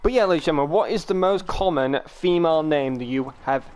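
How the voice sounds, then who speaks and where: A man's voice: on the high side, fast, darkish tone. A young man from the United Kingdom, chatting casually and rambling to his viewers while streaming a game. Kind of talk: casual live-stream chat.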